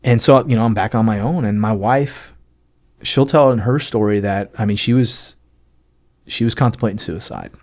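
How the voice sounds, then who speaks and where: Animated man with a low voice telling his story. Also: normal speed. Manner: animated, acts out quoted dialogue; casual, many fillers like "like" and "you know". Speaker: podcast guest, army sergeant major. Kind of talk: personal testimony storytelling.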